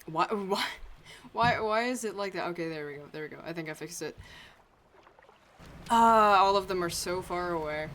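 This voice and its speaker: A woman's voice: fairly low pitch, moderate pace, long pauses, a bit bright, a little hiss or hum. A woman streamer giving casual, joking commentary as she plays, swearing freely and talking to herself.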